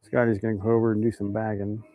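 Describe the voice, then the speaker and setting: A man from Idaho in the United States hosts a casual live stream while making fishing baits, chatting and reading viewer comments aloud. His fairly low, dark voice talks fast with little pitch movement, and the recording is dry.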